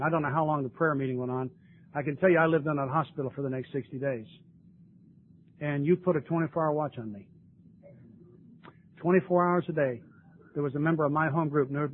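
Earnest older man, tinny lo-fi tape. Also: a little high. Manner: earnest, emotional, tearful at times. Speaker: speaker sharing his story at a recovery meeting. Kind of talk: recovery meeting talk. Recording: tinny lo-fi recording with faint noise.

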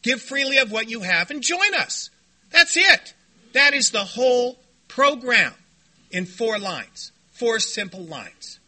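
A man speaking to a recovery meeting, telling stories in an animated, joking way and shouting when he acts out what others said. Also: very high voice, slow pace. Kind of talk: storytelling talk to a meeting. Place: meeting room before a group.

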